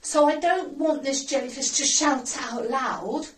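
A woman's voice: sits high, a little slow, a little hiss or hum. A woman teaching a recorded primary school writing lesson, sounding out words letter by letter. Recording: roomy sound, mic at a distance.

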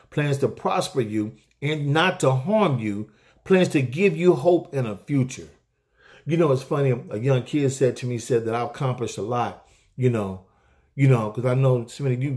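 A man's voice: medium pitch, darkish tone. A middle-aged man hosting a weekly inspirational talk, preaching to viewers in an exhorting, repetitive way and calling out amens.

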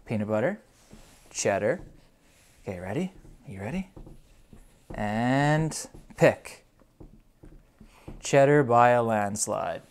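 An upbeat dog owner talking through a puppy's treat test in a casual vlog. The voice is mid-pitched and everyday. Brisk commands to the dog alternate with chatty, running commentary. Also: lively intonation. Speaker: dog owner and video host.

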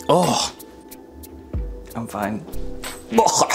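A man's voice: medium pitch, very animated, moderate pace, loud music behind the voice. Playful young man joking through a kitchen test. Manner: playful, self-mocking, laughs often. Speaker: vlogger. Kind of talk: casual comedic cooking vlog. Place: home kitchen.

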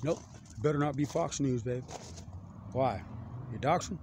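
Man, off-the-cuff rambler, average pitch, noisy recording with birds. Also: measured pace. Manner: stream-of-consciousness, jumping between topics. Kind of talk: rambling monologue.

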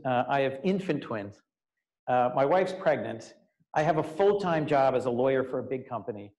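A man in his fifties, a senator giving a public talk, telling an animated personal story with casual fillers. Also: mid-range voice, rough recording. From United States. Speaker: U.S. senator, guest speaker. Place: law school lecture event, indoors.

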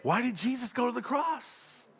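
Male pastor, middle-aged, high and animated preaching voice, lots of rhetorical questions. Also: moderate pace. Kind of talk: sermon.

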